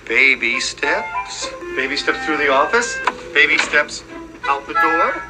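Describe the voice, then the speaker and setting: Brief: a nervous, chanting man, highish voice, loud music. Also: very animated, takes it slowly, low-quality recording. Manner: chanting, self-reassuring. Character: anxious man repeating a reassuring mantra. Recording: film clip with loud music.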